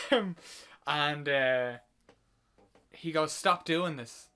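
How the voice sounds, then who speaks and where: A man co-hosting a podcast casually retells and rants about a film he's reviewing, swearing when he gets worked up. His voice is a little high, bright, forceful, clear, and resonant, and he draws out his words.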